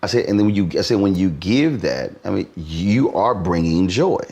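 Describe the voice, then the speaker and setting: A man's voice: low-pitched, normal speed. A man hosting a conversational interview, telling stories and acting out what people said to him. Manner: animated storyteller, acts out quotes. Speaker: host.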